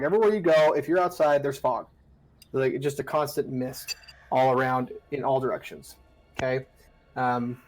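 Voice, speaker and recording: A man's voice: on the high side, normal speed, long pauses, a little mellow, soft background music, rough recording. A man narrating as dungeon master in a casual, rambling way, with many fillers and restarts. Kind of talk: narrating a tabletop game.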